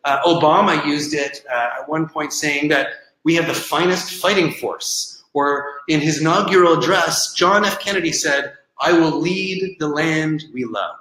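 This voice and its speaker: A male presentation coach talks a seminar through examples in a relaxed, conversational way. His ums and uhs are frequent, and his voice sits a little high. The sound carries a noticeable room echo. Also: a little slow, hardly any pauses. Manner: conversational, filler-heavy, explaining with examples.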